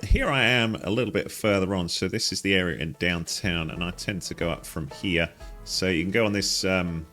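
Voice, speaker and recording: A man's voice: low-pitched, moderate pace, sharp tone, soft background music. A man giving casual commentary on a game he is playing, chatty and easily delighted, with frequent exclamations. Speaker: gaming guide host.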